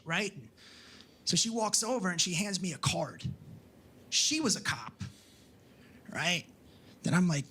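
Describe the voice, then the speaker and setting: Man, stand-up comedian, high-pitched, profane storytelling, noisy live stage recording. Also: lively intonation, moderate pace, pushed and bright. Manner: profane, storytelling, acts out dialogue.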